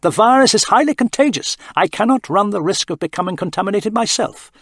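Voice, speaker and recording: Brief: male reader as a ruthless ship's computer, terse, high, dry-sounding delivery. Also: fairly quick, no echo. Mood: emphatic. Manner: terse, flat insistence. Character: cold emphatic ship computer intelligence.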